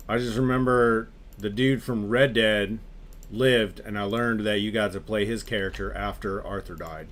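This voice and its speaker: A man streaming a game, chatting casually with his viewers in an animated, ranting way and swearing freely. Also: fairly low pitch, moderate pace. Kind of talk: casual chat with live viewers.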